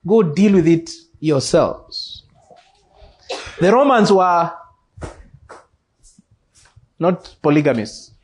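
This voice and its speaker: Slow, high-voiced Kenyan preacher. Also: male voice. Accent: Kenyan English. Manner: slow, deliberate preaching with emphatic repetition. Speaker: pastor. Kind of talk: expository sermon. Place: church.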